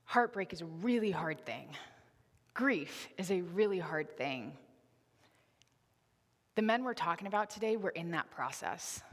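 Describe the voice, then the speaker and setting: A woman's voice: lowish voice, animated, unhurried, pauses often. Young woman preaching in an echoing church. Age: 20s. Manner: conversational, candid, earnest. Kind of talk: sermon with personal storytelling. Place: church sanctuary. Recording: reverberant church hall.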